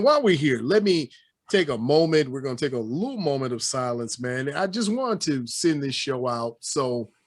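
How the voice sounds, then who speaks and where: A man from Northwest Indiana hosting a casual sports talk show, joking and animated with preacher-like flourishes. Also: medium pitch. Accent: American, Northwest Indiana. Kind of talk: casual sports podcast banter.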